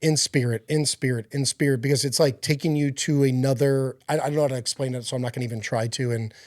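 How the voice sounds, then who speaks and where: A man's voice: medium pitch, fairly even intonation, fast, darkish tone, no room sound, clean studio sound. A man speaking as a podcast guest, giving an earnest, rambling personal faith testimony with many fillers and restarts.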